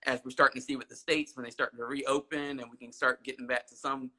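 A man's voice: medium pitch, little pitch movement, fast, bright, forceful tone. A man hosting a casual interview, asking friendly, conversational questions.

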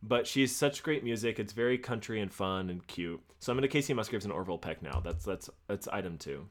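A man's voice: on the low side, animated, fairly quick. A man in his thirties, a podcast co-host, talking casually with a lot of rambling, swearing and laughter. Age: 30s. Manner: rambling, profane, laughs often. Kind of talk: casual chat.

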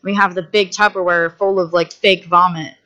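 A woman who directs films, a guest telling stories on a podcast in a lively way, acting out the people she quotes and using many fillers. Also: lowish voice, moderate pace, highs cut off. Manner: animated, acts out quoted voices, many fillers. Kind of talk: casual storytelling.

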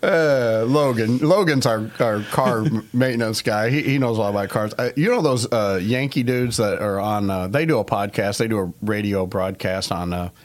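A man's voice: on the low side, normal speed, few pauses. A man hosting a casual Bible study podcast, chatty and teasing his co-hosts.

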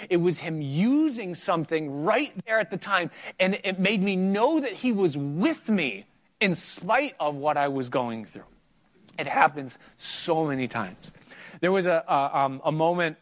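A middle-aged man preaching in a conversational way, telling a personal story with earnest emphasis that climbs higher at key points. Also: fairly bright tone. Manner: earnest, anecdotal, rises in pitch for emphasis. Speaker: preacher sharing testimony.

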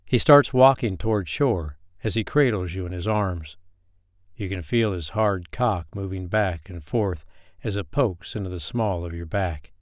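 Low-voiced male storyteller, dry sound. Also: unhurried, no echo. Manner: calm, steady storytelling. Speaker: narrator. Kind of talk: second-person erotic story narration.

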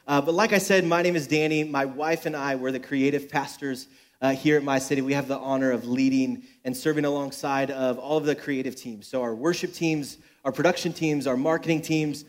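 A man's voice: mid-range voice, fairly even intonation, brisk. A young adult man, a pastor, giving a sermon at a church service with joking, self-deprecating personal stories.

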